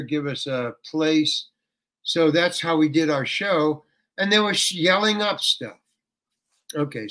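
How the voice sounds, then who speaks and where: An older man telling a story as an interview guest, animated and colloquial, often saying "man" and "you know". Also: on the high side.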